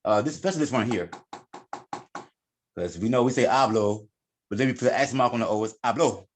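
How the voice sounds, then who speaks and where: A man's voice: mid-range voice, animated, fast, roomy sound, a little hiss or hum. A man teaching a class at a board, explaining informally and correcting himself as he goes. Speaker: Spanish teacher.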